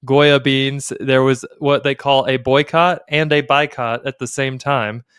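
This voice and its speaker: A man's voice: medium pitch, steady tone, unhurried, fairly bright tone, clean tone, no echo, clean studio sound. A man co-hosting a casual podcast conversation, playfully quizzing his co-host like a game show.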